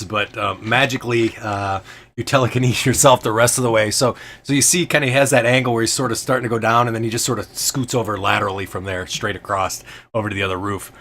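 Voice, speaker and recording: Gravelly, bright-voiced man running a tabletop game. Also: mid-range voice. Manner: loose and hesitant, full of ums and kinda. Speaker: game master.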